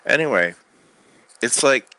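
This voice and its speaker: A man delivering a rambling spoken-word monologue from his bed into a microphone, swinging between loud outbursts and quiet mutters. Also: mid-range voice, lively intonation, a little slow, no echo. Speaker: recording artist. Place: bedroom.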